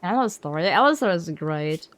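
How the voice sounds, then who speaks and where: A woman streamer chatting casually during a game, talking slowly with lots of repeated words and giggles. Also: fairly low pitch, lively intonation.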